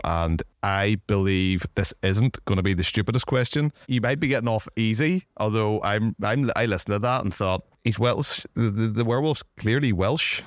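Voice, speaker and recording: A man's voice: fairly low pitch, clear, resonant tone, dry recording, studio quality. A man hosting a podcast, chatting casually and teasing his guest. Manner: teasing, playful banter. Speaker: podcast host. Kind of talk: casual chat.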